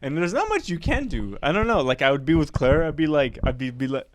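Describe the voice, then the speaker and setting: A laughing man with a lively voice in a podcast chat. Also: on the high side, a little hiss or hum. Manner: laughs often and jumps in with quick reactions. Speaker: podcast co-host. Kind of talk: casual comedy podcast chat.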